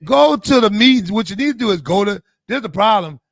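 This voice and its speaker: A man, co-hosting a casual chat and handing out advice in animated, preachy lists. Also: high-pitched, fairly quick, gravelly, no room sound, clean studio sound. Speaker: co-host.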